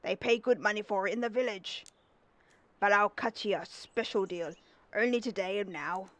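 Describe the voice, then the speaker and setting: A woman's voice: medium pitch, very slow, sharp tone. A woman voicing a haggling old male fisherman in a game, with a put-on accent that keeps drifting. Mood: folksy haggling.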